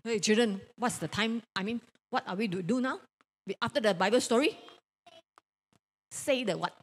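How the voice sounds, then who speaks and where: High-voiced Malaysian woman teaching kids. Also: normal speed, husky. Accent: Malaysian English. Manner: lively, coaxing, teasing the children. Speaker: Sunday school teacher. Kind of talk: children's Bible lesson. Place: church hall. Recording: long reverb hall.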